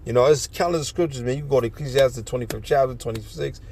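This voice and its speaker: A man's voice: mid-range voice, fast, darkish tone, a little hiss or hum. A man reading scripture verse by verse and explaining it in slangy, profane street talk. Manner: reads verses then riffs in slangy, profane commentary. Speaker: street preacher.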